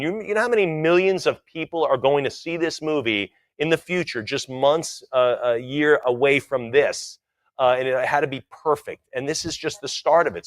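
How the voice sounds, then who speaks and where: A man's voice: a little high, brisk, a bit bright, dry recording. A man working as an auctioneer, calling bids in a rhythmic chant and breaking off into chatty asides about the item. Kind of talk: live auction bid calling.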